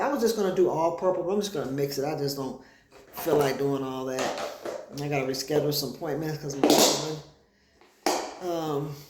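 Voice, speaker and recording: Chatting with viewers in a meandering, casual livestream from her home, a woman speaks in a low voice. The recording is very noisy and echoes around the room.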